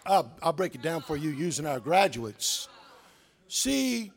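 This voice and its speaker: A man preaching a sermon as pastor. He drags words out with long pauses and repeats lines for the congregation to say back, moving between loud exclamations and soft, low asides. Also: animated, breathy edge.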